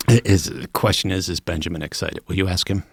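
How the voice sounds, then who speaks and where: A middle-aged man with a deep, creaky, husky voice talks briskly, with no room sound, while hosting a podcast. He chats casually and tells stories in an animated, emphatic way.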